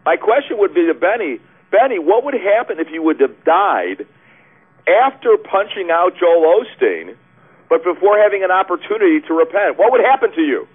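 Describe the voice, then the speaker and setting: A man's voice: high voice, very animated, normal speed, breathy edge. A man hosting a talk radio show, sarcastic and steering the segment. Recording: tinny phone-like radio audio.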